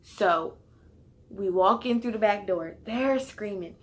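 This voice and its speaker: A woman telling a personal story in a casual vlog, chatty and full of fillers, turning loud and heated at the tense parts. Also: mid-range voice, slow pace. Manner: grows loud and heated when retelling the fight. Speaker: vlogger.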